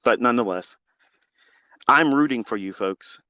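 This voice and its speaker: A man's voice: mid-range voice, expressive, normal speed, sharp tone, no echo. A middle-aged man speaking into a phone as a mentor, in a fervent, preachy monologue that mixes faith with casual swearing. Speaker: trading mentor. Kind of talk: impassioned spoken monologue.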